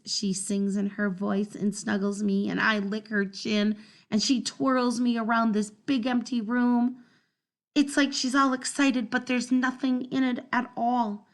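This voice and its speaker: A woman reading a children's storybook aloud in the first person, telling it in an expressive, dramatic way. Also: on the high side, measured pace. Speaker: storybook narrator.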